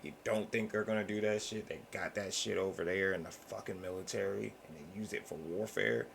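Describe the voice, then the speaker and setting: A very deep male voice with a gravelly, fried edge, talking casually as a podcast host. He rambles loosely and swears freely, slipping into acted-out quotes as he goes. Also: a little fast, a bit bright, slight background noise. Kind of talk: casual chat.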